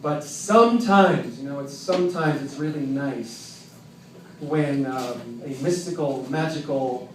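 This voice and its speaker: A man telling a personal story live at an open mic in a tavern, with a wry, self-mocking, halting delivery. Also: fairly high pitch. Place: tavern with an audience. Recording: roomy, distant, faint background noise.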